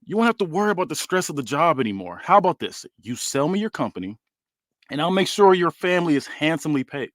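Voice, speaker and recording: A slick, condescending businessman full of fake charm, as read aloud by a man. The voice swings up and down in pitch, and the recording is close and dry. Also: big pitch swings, quick pace, fairly bright tone, dry recording. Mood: smug. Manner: condescending, slick, faintly mocking. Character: smug scheming male rival businessman. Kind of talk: read-aloud fantasy wrestling booking.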